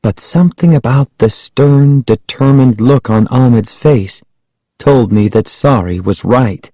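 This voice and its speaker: A man telling a spooky story in a slow, measured way, his voice at an everyday middle pitch. The recording is dry and close, with no room sound. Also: warm tone, dry recording, poor audio. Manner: measured, unhurried first-person telling. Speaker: audiobook narrator. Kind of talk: storybook narration.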